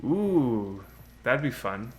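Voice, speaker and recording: A man's voice: mid-range voice, very animated, drawn-out words, slight background noise. A man chatting casually on a game live stream, rambling, laughing often and answering viewers' chat. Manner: laughs often, with many fillers like "you know".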